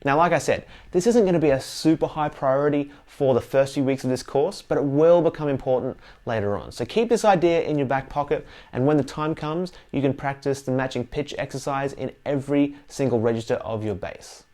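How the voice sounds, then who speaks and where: A man teaching bass in an easygoing, chatty way, singing notes to show how they sound. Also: a little fast, hardly any pauses. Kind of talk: instructional music lesson. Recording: loud bass guitar playing behind the voice. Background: bass guitar.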